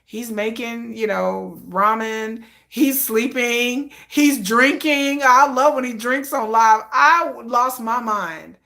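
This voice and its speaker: A woman hosting a live stream, chatting casually and telling stories in an excitable way, often breaking into laughter. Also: fairly high pitch, slow pace, gravelly, hardly any pauses. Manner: animated, excitable storytelling with frequent laughter.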